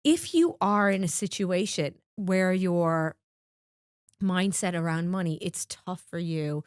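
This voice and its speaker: A woman hosting a casual podcast interview, chatty and animated, swearing casually. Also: on the low side, slow pace, clean tone, dry recording, studio quality. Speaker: podcast host.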